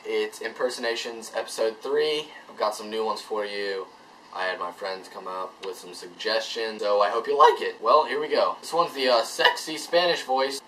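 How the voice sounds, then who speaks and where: A man's voice: on the low side, moderate pace, pushed and bright, distant mic, a little hiss or hum, poor audio. A young man hosting a casual vlog, offhand and easygoing. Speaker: YouTube host.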